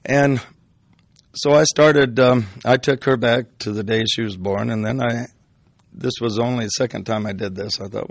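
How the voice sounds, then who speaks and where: Gravelly older man telling rambling stories. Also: medium pitch, steady tone, moderate pace, no echo. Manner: rambling, with restarts and fillers. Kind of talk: casual storytelling.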